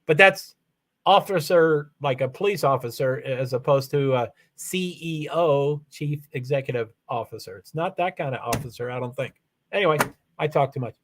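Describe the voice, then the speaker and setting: A man's voice: mid-range voice, normal speed. A man streaming live and answering chat in a rambling, self-correcting way, full of fillers. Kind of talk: casual livestream chat.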